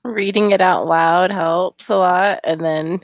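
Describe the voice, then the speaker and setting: A woman co-host with a lowish, gravelly voice, making short, relaxed remarks in a casual chat. The sound is dry and close. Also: slow pace, dry recording, lo-fi sound. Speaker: podcast co-host, author.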